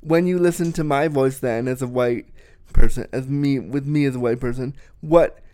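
Man, Canadian accent, interview host, eager, stumbling restarts, clear voice. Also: mid-range voice, moderate pace, warm tone. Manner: enthusiastic, repeats words when starting. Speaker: podcast host. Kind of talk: conversational interview.

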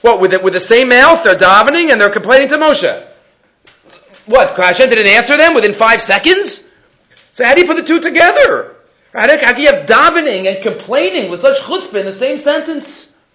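A man teaching a Torah portion class, animated and full of rhetorical questions, mixing Hebrew terms into his English. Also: very high-pitched, normal speed, poor audio.

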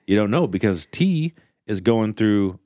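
A man's voice: fairly low pitch, expressive, a little slow, mellow, no echo, clean studio sound. A male podcast co-host in casual chat, musing aloud and asking questions.

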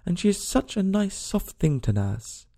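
A man's voice: sits high, very animated, moderate pace, gravelly, dark tone, voice pushed up, exaggerated voice. A man doing eager, prim young girl. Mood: eager chatter. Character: polite, curious young girl, chatty. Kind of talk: storybook reading.

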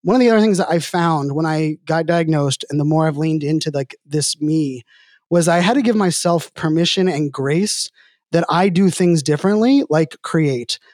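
Middle-aged man, rambling casual storytelling, slightly high voice, dry close sound. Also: normal speed, darkish tone, dry recording. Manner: rambling, heavy use of filler "like". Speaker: podcast guest.

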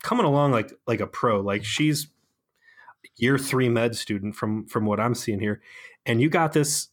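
A man of ordinary pitch talks through a TV episode in a loose, joking podcast recap. He tells it with sarcastic energy, picking things apart as he goes and stumbling over fillers along the way. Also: moderate pace. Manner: sarcastic, animated storytelling with frequent fillers. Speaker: podcast co-host. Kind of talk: casual comedic show recap.

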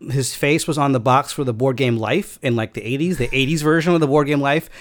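A man in a relaxed conversation, recounting a personal story at an ordinary pitch. He rambles, stops and restarts, leaning on fillers as he goes. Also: brisk.

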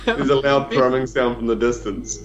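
A man's voice: mid-range voice, steady tone, normal speed, dull audio, crowd noise. A man with a New Zealand accent, a player in a tabletop game, chatting casually and joking with some swearing. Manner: jokey, profane.

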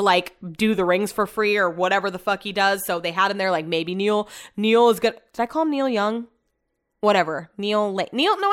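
A woman's voice: mid-range voice, clean tone. A woman hosting a podcast, recapping a reality show in casual chat, blunt and sarcastic, swearing freely. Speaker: podcast host.

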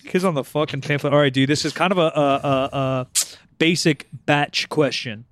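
A man's voice: a little high, steady tone, moderate pace, fairly bright tone, no echo. Teasing, profane young man hosting a podcast. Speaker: podcast host. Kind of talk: casual banter.

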